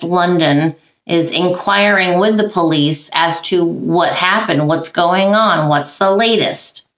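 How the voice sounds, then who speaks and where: Unhurried psychic medium woman, lowish voice, halting, lots of ums, reads notes aloud then comments, roomy echo. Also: a bit bright. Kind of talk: solo video, reading case notes aloud with commentary.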